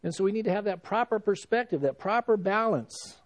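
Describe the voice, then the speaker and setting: Conversational preacher, man, fairly high voice. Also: lively intonation, a little fast. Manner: conversational preaching, frequent "you know" asides. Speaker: pastor. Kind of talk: sermon.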